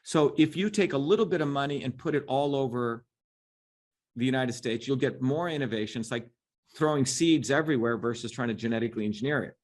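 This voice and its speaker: A man's voice: medium pitch, fairly quick. A middle-aged man as an interview guest, talking emphatically and combatively, often tagging on "right?". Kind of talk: impassioned interview talk.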